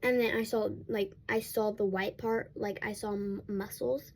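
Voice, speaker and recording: A woman's voice: medium pitch, fairly even intonation, unhurried, noisy background. A young woman vlogger telling a casual storytime at home while getting ready, rambling with many restarts and fillers.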